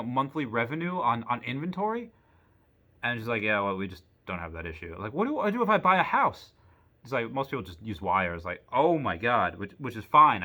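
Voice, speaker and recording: A man's voice: fairly low pitch, pushed and bright. A young man telling a story to camera in a frustrated, casual rant. He acts out both sides of the conversation and swears freely. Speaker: vlogger.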